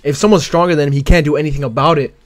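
A man's voice: a little high, very fast, dry recording. Slangy, profane man, dry close sound. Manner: profane, slangy, animated, full of fillers. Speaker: anime commentary vlogger. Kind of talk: casual spoken analysis.

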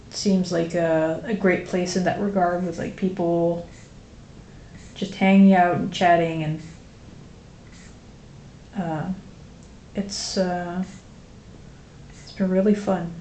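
A woman's voice: fairly low pitch, level tone, takes it slowly, long pauses, warm tone. A woman with a Dutch accent chatting casually with viewers on a live stream, rambling with lots of fillers. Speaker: streamer drawing a graphic novel. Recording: roomy echo with faint noise.

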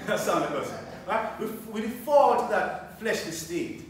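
Speaking high and unhurried with big swings in pitch, a man preaches a sermon full of repeated phrases and rhetorical questions in a call-and-response style. The recording is very echoey and distant, with background noise.

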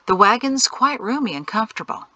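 A woman reading an audiobook, voicing a calm, capable man who guides a family and gives steady instructions. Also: a little high, a little fast, dull audio, pitched above the performer's own voice, exaggerated voice. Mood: explaining.

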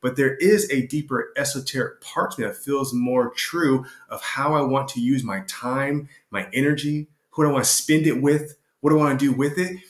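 A passionate, emphatic man of middle pitch shares his views in a reflective interview, repeating words as he builds his point. The room around him is noticeably echoey. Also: normal speed, few pauses. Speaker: guest, retreat co-host.

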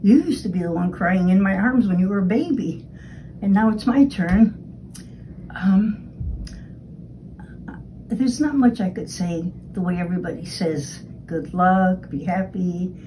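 A woman in the family giving a tearful, halting recorded message. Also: on the low side, dark tone, recorded from a distance, a little hiss or hum, poor audio. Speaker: family member.

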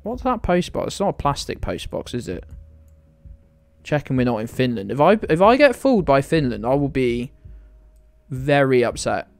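A man's voice: medium pitch, big pitch swings, moderate pace, creaky, no echo. A young British man streaming a game live, teasing his chat with playful indignation and mock outrage. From United Kingdom.

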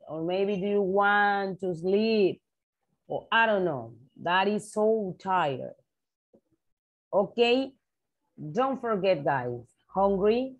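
A woman teacher, slowly repeating vocabulary words for young pupils in an English lesson. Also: mid-range voice. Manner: slow, repetitive drilling of vocabulary words. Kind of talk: online class for young children.

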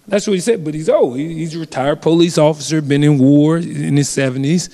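At a community forum, a man with a slightly high voice and a dark tone earnestly relates a personal story. He speaks haltingly, restarting and repeating phrases often, and a long reverb from a large hall surrounds his voice.

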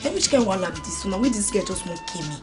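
A woman's voice: mid-range voice, rapid-fire, music in the background, lightly acted. An actress with a Nigerian accent playing Osas, a dramatic, lovesick young female student. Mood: fretful. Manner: dramatic, excitable.

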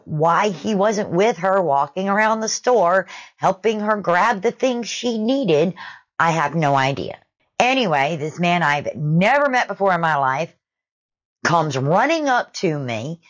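A woman narrating a retail story in a lowish voice that swings widely in pitch. She takes her time, drawing words out with conversational flair.

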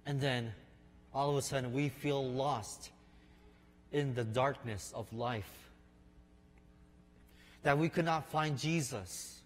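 A man preaching a sermon in an unhurried storytelling way, speaking to listeners as his friends. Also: mid-range voice. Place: church sanctuary. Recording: long reverb of a large hall.

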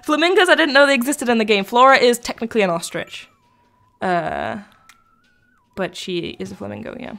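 A woman's voice: mid-range voice, expressive, fast talker, gravelly, fairly bright tone, faint music behind. A young woman chatting casually while live-streaming a video game, rambling between thoughts and answering her chat.

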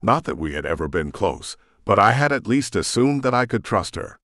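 Deep-voiced male audiobook narrator. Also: very animated, moderate pace, a bit bright, no room sound, studio quality. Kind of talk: first-person audiobook narration.

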